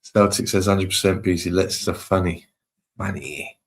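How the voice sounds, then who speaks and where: A man, chatting casually on a live stream, reading viewer comments aloud and giving relaxed shout-outs. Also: deep voice, normal speed, gravelly.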